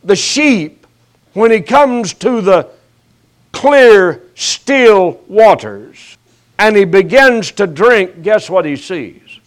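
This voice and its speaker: An older man preaching a sermon as pastor, his voice rising sharply and then dropping to a hush, with folksy, teasing jabs at his listeners. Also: high-pitched, very animated. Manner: slow preaching with sharp rises and hushed drops.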